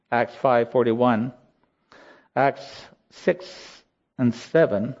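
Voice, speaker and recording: A man delivering a sermon at a slow, deliberate pace, his voice mellow and unhurried. He preaches earnestly and lifts into emotional peaks. The recording sounds slightly dull and lo-fi. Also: medium pitch.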